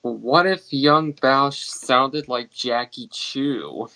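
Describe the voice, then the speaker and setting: A man chatting on a live stream in a slow, unhurried way, putting his questions forward tentatively. His voice sits at an ordinary pitch. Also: vocal fry, bright, forceful tone, rough recording. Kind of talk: casual live-stream chat.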